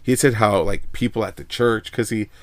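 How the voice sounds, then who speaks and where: A man with a lowish voice tells a personal story in a loose, rambling way, leaning on filler words as he goes. The sound is dry and close, with no room echo. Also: fairly quick. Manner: rambling, laid-back, heavy on filler words. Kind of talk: casual storytelling.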